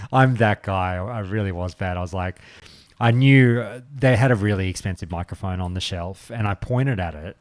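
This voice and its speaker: A man's voice: low voice, moderate pace, dry recording, clean studio sound. A man, chatting casually on a game stream and acting out stories. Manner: chatty, swearing, acts out anecdotes. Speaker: streamer and podcast host. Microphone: desk microphone.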